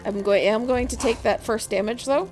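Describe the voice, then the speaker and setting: A woman's voice: on the high side, moderate pace, darkish tone. A woman running a tabletop game as game master, giving plain rulings and laughing easily. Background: background music.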